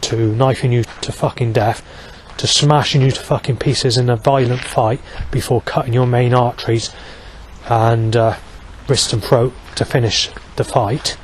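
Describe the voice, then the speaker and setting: A man's voice: mid-range voice, fairly even intonation, unhurried, slight background noise. A man talking in a long, rambling vlog monologue, swearing heavily and restarting sentences, with many fillers.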